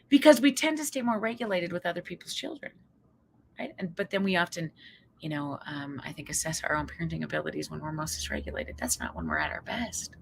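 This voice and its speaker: A woman psychologist from Canada giving a motivational talk, lively and acting out quoted voices. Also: fairly quick, gravelly, husky, rough recording. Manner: lively, acts out quoted voices with big pitch jumps. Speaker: psychologist and speaker.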